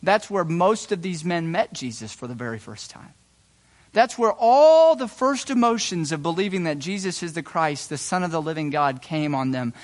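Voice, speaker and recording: A pastor delivers a sermon at normal speed, swinging dramatically between hushed, low phrases and loud, high bursts of excitement. In between come folksy asides, and he stumbles and restarts words along the way.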